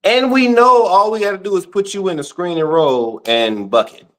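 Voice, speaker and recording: A man co-hosting a sports talk podcast, in slangy, animated casual chat. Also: high voice, moderate pace. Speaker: podcast co-host.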